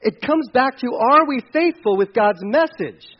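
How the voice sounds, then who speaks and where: A man preaching a sermon as pastor, swinging from loud, high emphasis to quiet, low asides and acting out the voices of churchgoers. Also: expressive, unhurried, lo-fi sound. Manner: acts out quoted voices of churchgoers.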